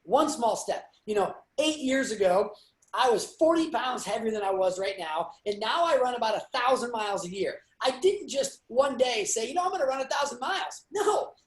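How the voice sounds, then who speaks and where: A man giving an energetic motivational talk as host of a real estate webinar, telling stories from his own life. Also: very high-pitched, normal speed, roomy sound. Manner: energetic, storytelling. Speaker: real estate sales leader hosting a webinar.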